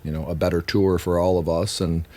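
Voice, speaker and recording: Low-voiced male musician guest, casual and profane, animated storyteller. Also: fairly quick. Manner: animated, swears freely, acts out quotes.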